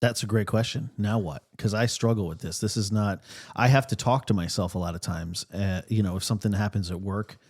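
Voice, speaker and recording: A man's voice: on the low side, a little fast, a little mellow. Rambling man, chatty podcast co-host. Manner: rambling, with many fillers and restarts. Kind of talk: casual chat. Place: podcast studio.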